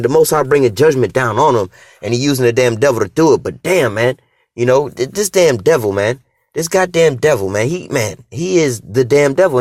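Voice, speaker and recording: A man giving casual, heated commentary in street slang, swinging between calm explanation and animated emphasis, with many fillers and restarts. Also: no echo, clean studio sound. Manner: animated, profane street slang, acts out dialogue; restarts and fillers, rising pitch when emphatic. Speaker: religious commentator.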